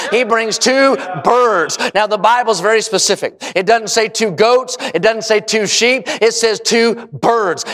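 High-voiced fervent male preacher. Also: fairly bright tone. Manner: fervent, rhythmic repetition; calls out to the congregation. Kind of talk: revival sermon.

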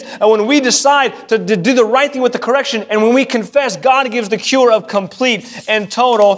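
High-voiced man preaching animatedly. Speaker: pastor. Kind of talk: sermon. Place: church sanctuary.

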